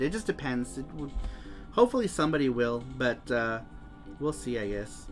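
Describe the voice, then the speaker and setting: A man's voice: a little high, expressive, a little fast, sharp tone, faint music behind. Chatty man hosting a live stream. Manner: chatty, laughs often, reads chat aloud. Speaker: show host. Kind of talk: casual live-stream chat.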